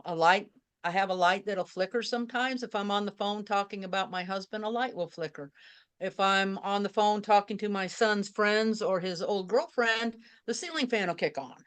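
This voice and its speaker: An older woman, a guest author in an interview, telling her story earnestly, her voice softening and trailing off. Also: medium pitch, smooth.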